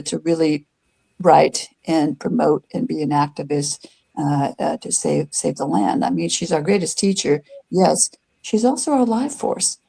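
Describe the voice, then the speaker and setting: Woman, older, warm mellow tone, rambling chat, frequent restarts. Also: deep voice, creaky, slightly rough. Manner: rambling, many fillers and restarts. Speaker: guest. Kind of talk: casual storytelling chat.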